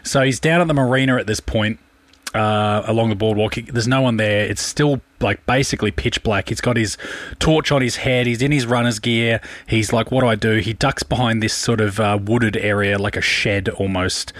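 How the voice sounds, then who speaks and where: Chatty Australian radio host, dry studio. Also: male voice, lowish voice, steady tone, normal speed, fairly bright tone, no echo. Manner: chatty, rambling anecdote with fillers. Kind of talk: casual radio storytelling.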